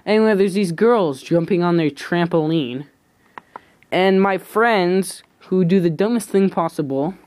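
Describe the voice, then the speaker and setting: A man's voice: high voice, a little mellow. Rambling teenage guy telling a story. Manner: rambling, halting, self-correcting. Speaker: YouTube vlogger. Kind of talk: casual storytelling.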